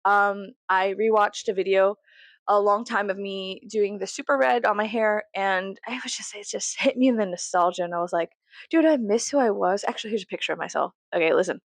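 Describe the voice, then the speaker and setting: A woman's voice: medium pitch, fairly even intonation, brisk, no echo. Profane, chatty young woman vlogger. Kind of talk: casual rambling monologue.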